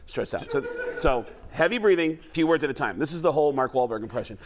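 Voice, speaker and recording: Talk-show guest, man from New York, mid-range voice, lively storyteller who slips into impressions. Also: mid-range voice, quick pace. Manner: animated storytelling, breaks into voices. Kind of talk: casual talk-show chat.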